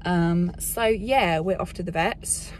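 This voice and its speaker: A young woman chatting casually to camera, frank and rambling, with fillers and an occasional swear word. Her voice sits on the low side for a woman. A faint hiss runs under the recording. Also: slow pace. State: unwell, hiccups. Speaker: vlogger. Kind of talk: casual vlog chat.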